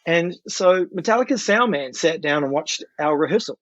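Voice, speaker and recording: Animated New Zealand man, fairly high voice. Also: normal speed, dry recording, lo-fi sound. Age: 50s. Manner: animated, acts out what people said. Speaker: guest musician. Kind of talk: casual storytelling.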